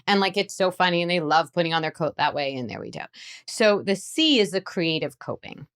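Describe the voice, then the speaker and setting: A woman, a psychologist guest on a podcast interview, explaining parenting in an animated way. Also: lowish voice, fairly quick, clear, resonant tone, no echo, studio quality. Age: adult parent. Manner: animated explainer who acts out playful lines.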